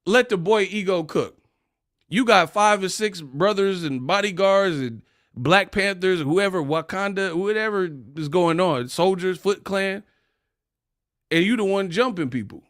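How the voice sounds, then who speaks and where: A man's voice: high voice, a little slow, dry recording, studio quality. A man hosting a casual boxing commentary rant, mocking and laughing as he talks. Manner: animated, mocking, laughs often.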